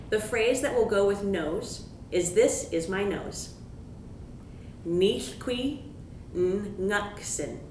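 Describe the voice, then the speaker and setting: A woman giving a pronunciation lesson, patiently repeating words slowly for the listener to copy. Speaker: language teacher. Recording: echoey room, distant mic, background rumble.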